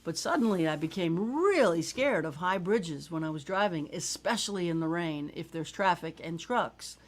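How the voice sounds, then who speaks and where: A woman from South Louisiana, hosting a casual show, talking haltingly with many filler sounds and reading aloud from her book. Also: lowish voice, expressive. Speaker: singer-songwriter host.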